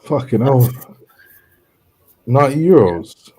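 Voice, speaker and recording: A man's voice: mid-range voice, lively intonation, slow pace, dark tone, husky. A man chatting casually on a stream, laid-back and slangy. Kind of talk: casual chat.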